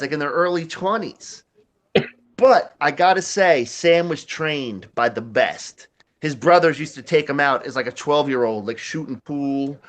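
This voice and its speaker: A man's voice: fairly high pitch, a bit bright. A man, telling a rambling, profane story in casual chat, laughing often. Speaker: podcast host.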